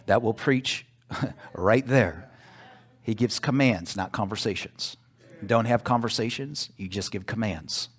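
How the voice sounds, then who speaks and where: A male pastor preaching a sermon in church, emphatic, pausing for call-and-response asides. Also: on the low side, breathy edge.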